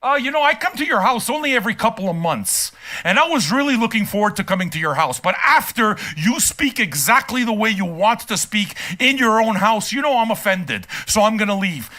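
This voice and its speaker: A man's voice: high-pitched, animated, brisk, sharp tone. An older man putting on the voice of a prim, whiny, easily offended male viewer to mock him. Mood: mocking prissy.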